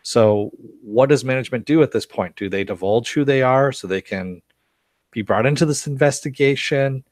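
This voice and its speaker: A man's voice: medium pitch, normal speed, no echo. A man hosting a casual live-stream recap, reading chat comments aloud, rambling with lots of fillers and chuckles. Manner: rambling, laughs often, many fillers and restarts. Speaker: live stream host reviewing a TV series.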